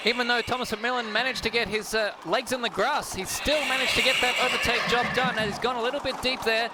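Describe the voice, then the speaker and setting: A man's voice: very high-pitched, fairly even intonation, fast, noisy background. A man co-commentating a sim horse race, chatty with enthusiastic exclamations.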